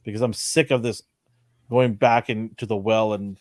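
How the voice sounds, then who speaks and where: A man's voice: lowish voice, fairly even intonation, normal speed, no echo, studio quality. A man co-hosting a pop culture podcast, talking in an opinionated, ranting way in casual chat. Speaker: podcast co-host.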